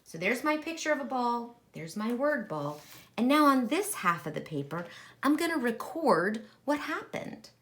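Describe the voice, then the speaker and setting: A woman teaching a kindergarten lesson, talking directly to young children in a warm, exaggerated teacher voice with wide swings. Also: sing-song. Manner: slow, sing-song teacher voice with big pitch swings.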